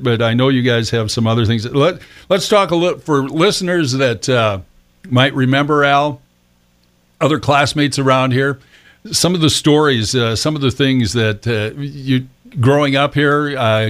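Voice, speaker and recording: A man's voice: mid-range voice, fairly bright tone. A man hosting a local radio interview, asking rambling questions with fillers. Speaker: radio host.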